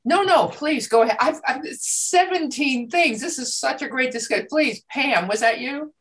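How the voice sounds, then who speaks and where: A woman facilitating a coaching group discussion, speaking in a measured, reflective way. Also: sits high, fairly bright tone, rough recording.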